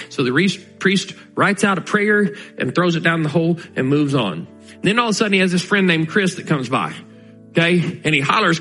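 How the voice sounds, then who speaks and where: A man preaching with an earnest, conversational delivery and a slightly raised pitch, slowing to press home each key line. Faint music plays softly underneath his sermon. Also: expressive, low-quality recording. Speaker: pastor.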